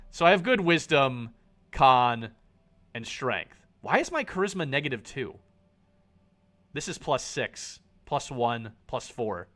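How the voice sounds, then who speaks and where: Lively bright-voiced man streaming a game. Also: fairly high pitch. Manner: animated, swears and laughs often. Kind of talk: playing a game while reading its text aloud.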